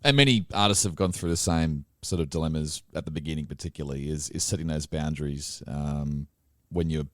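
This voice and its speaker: A man's voice: rumbling low, a little fast, fairly bright tone, no echo, studio quality. An Australian man hosting a podcast interview, asking rambling questions with frequent restarts. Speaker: podcast host. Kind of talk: casual interview.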